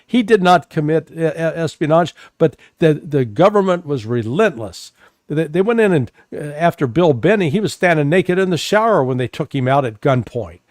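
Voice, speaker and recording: A man's voice: on the high side, animated, moderate pace, darkish tone, no echo, studio quality. A man speaking as a guest analyst in a political interview, emphatic and often repeating words as he starts a thought.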